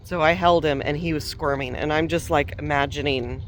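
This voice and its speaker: A woman coach telling a candid personal story in a reflective, unhurried way, with soft laughs and restarts. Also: low voice, steady tone, slight background noise. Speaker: parenting coach.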